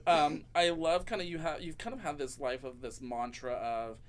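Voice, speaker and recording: A man hosting a casual interview show, chatty and animated, laughing often and tossing in playful campy asides. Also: a little high, moderate pace, a little hiss or hum. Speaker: talk show host.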